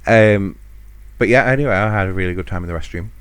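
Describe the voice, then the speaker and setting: A man's voice: on the low side, fast, clean tone, no room sound. A man hosting a podcast alone, telling a rambling, self-mocking holiday story with frequent chuckles. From United Kingdom. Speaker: podcast host. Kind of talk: casual solo storytelling.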